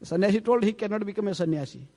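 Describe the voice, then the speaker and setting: A man's voice: high voice, racing, mellow. A man, a swami giving a storytelling scripture lecture in a temple hall, chatty and checking in with frequent rhetorical "eh?". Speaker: preacher, swami. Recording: long hall reverb.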